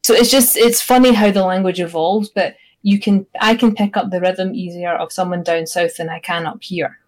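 A woman from Scotland with a Scottish accent, co-hosting a casual podcast and explaining points in an animated way. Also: lowish voice, normal speed, low-quality recording. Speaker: podcast co-host.

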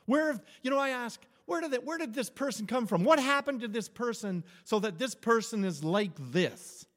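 A man's voice: extremely high pitch, expressive, moderate pace, a bit bright. A man preaching an informal sermon, telling stories in a conversational way, often restarting his phrases and chuckling. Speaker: pastor. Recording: long hall reverb.

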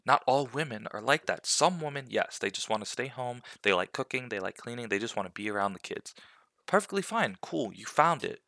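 Gravelly young man, dry close sound. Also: medium pitch, a little fast, no room sound. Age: young adult. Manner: animated and opinionated, with acted-out quotes. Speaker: podcast host. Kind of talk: casual opinion talk.

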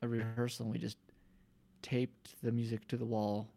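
Guest, man, gravelly fry in the voice, mid pitch, relaxed storyteller. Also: normal speed. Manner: laid-back, loose anecdotal storytelling. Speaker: podcast guest. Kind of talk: casual chat.

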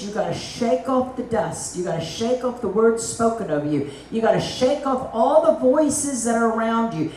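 A woman evangelist from Africa preaching a sermon at an evening meeting, animated and acting out the voices of God and other people. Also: on the high side, a little hiss or hum. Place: meeting hall. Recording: roomy, distant mic.

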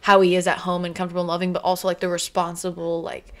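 A woman's voice: fairly low pitch, completely flat delivery, rapid-fire, a bit bright. A woman chatting casually about a TV episode, gushing and giggling, with lots of fillers. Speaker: episode reviewer. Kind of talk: casual chat.

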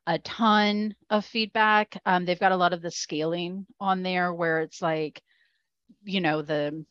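A woman speaks in a slightly low register, chatting casually on a podcast. She fills her talk with likes and ums and gets animated when she acts out what people said. The sound is dry and a little muffled. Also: measured pace, dry recording. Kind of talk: casual chat.

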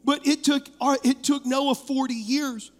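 A man preaching a sermon as the pastor, telling stories with animated energy. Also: very high voice, measured pace. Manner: animated storytelling preacher, laughing through stories. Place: church sanctuary. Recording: long hall reverb.

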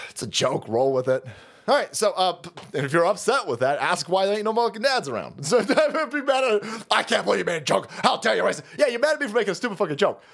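Loud, profane man with a lively pitch. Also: quick pace. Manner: loud, foul-mouthed, mocking, swings between shouting and low mutters. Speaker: host of a political rant stream. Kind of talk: profane political rant.

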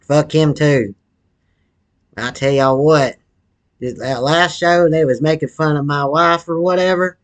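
A man's voice: on the high side, steady tone, a little slow, lightly acted. A man voicing a crude, foul-mouthed, obese wannabe rapper in a comedy sketch monologue, rambling in a profane, slangy drawl while smoking a cigarette.

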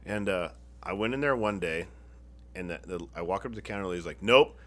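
A man's voice: low-pitched, fast, a bit bright. A man telling rowdy stories to friends in casual chat, swearing a lot and laughing through his own tales. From Phoenix, Arizona area. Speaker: storyteller among friends.

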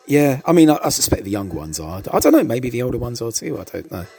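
A man's voice: mid-range voice, very animated, quick pace, creaky, mellow, breathy edge. A man giving casual, hesitant commentary over an old TV show, stammering and adding chuckling asides.

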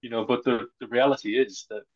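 A man's voice: mid-range voice, steady tone, fairly quick, a little mellow, dull audio. A man co-hosting a podcast interview, offering his thoughts in casual chat, in fits and starts. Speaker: podcast co-host.

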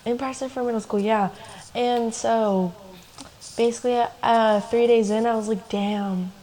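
A woman's voice: fairly high pitch, fairly even intonation, a little slow, mellow, poor audio. A young woman co-hosting a podcast, telling a personal story in a loose, chatty way full of "like" and laughing asides. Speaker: podcast co-host. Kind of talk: casual storytelling chat.

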